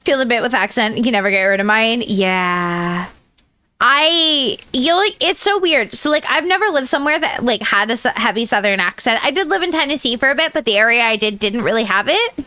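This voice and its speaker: A woman's voice: a little high, animated, a little fast, bright, forceful tone, clear, resonant tone, no echo. An American woman chatting casually on a livestream, rambling and laughing often as she answers chat from home. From United States. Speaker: VTuber streamer.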